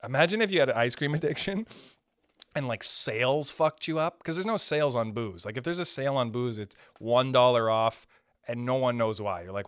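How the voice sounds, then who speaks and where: A young man hosting a podcast, rambling profanely in a casual comedic monologue from home and breaking into high-pitched voices. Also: fairly quick, fairly bright tone, dry recording, studio quality. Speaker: podcast host.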